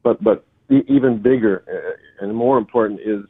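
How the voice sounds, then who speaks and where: A man speaking as a guest by phone, halting and stammering as he talks earnestly. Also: fairly low pitch, husky, no room sound. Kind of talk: phone interview. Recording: tinny phone line.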